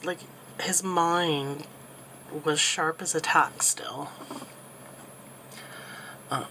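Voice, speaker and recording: A woman in her thirties telling a personal story while crafting, soft and halting with many pauses, becoming tearful. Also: fairly low pitch, a little hiss or hum, low-quality recording. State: tearful, getting emotional. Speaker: crafting channel host.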